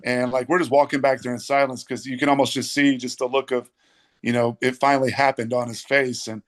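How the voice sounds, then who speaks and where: A man, a sportswriter guest, telling a story in a reflective, halting way with many fillers. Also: medium pitch, flat delivery. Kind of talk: casual storytelling.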